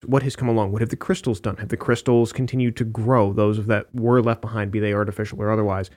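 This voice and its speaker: A man's voice: on the low side, flat delivery, fast, a little mellow. A man in a casual creative discussion, speaking in a playful, enthusiastic way and joking around. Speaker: character artist in a discussion.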